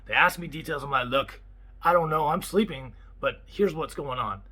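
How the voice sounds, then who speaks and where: A man, a property manager, telling a story in a casual vlog and acting out the quotes in an excitable way. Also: a little high, moderate pace, husky, low-quality recording. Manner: animated, excitable retelling with acted-out quotes.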